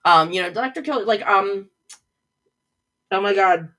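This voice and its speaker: A woman's voice: medium pitch, a little slow, bright, forceful tone. A middle-aged woman hosting her own live show from a home office, chatting casually and gushing as she answers viewers' comments. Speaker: host of a livestream show.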